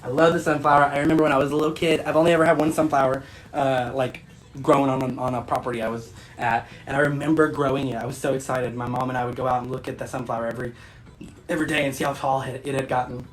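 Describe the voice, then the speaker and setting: A woman's voice: a bass voice, steady tone, fast talker. A woman hosting a casual phone livestream, bubbly and laughing often as she reacts to viewer comments. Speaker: livestream host and spiritual shop owner.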